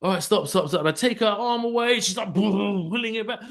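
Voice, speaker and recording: A man, telling a story in casual podcast chat, swinging between loud bursts and mumbled asides. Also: sits high, fairly quick. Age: 40s. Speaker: podcast co-host.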